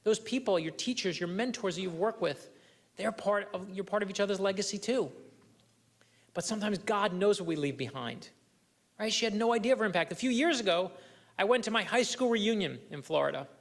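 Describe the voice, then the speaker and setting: A man's voice: high-pitched, expressive, a little fast, creaky. A middle-aged man giving a keynote speech at a luncheon, telling earnest personal stories and speaking directly to the room. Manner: earnest, anecdotal, addresses the audience directly. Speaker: guest speaker.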